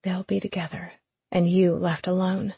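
A woman's voice: lowish voice, flat delivery, normal speed, dark tone, breathy edge, no room sound, lo-fi sound. Figure: a woman voicing an anxious, guarded young noblewoman who asks pointed questions. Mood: worried.

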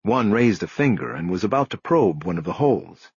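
Male audiobook narrator, low husky voice, lively pitch, dry slightly dull recording. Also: fairly quick, no echo. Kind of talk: scripted narration.

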